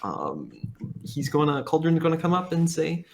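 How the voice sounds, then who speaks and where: A man playing in a tabletop game, speaking in a hesitant, halting way. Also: on the high side, very animated, slight background noise. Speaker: player.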